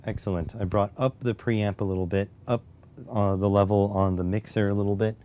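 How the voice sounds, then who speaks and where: A man's voice: fairly low pitch, fairly even intonation, a little fast, lo-fi sound. A man hosting a casual live stream while he codes, losing his voice and muttering to himself between answers to his chat, on a clip-on mic. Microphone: clip-on mic near the chest.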